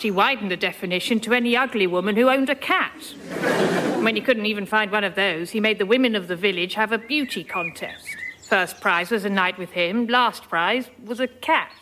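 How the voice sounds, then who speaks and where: A woman's voice: medium pitch, noisy background, lightly acted. A woman playing a blunt, exasperated witch spirit out for vengeance, in a radio comedy. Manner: exasperated, blunt, then grandly declaiming. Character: vengeful middle-aged female witch spirit, grumpy. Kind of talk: radio sketch comedy acting.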